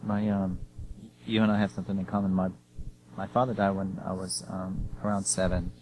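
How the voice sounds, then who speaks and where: Deep, flat-voiced sympathetic male host. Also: normal speed. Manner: gentle, sympathetic, with hesitations. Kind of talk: interview conversation. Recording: audible background noise.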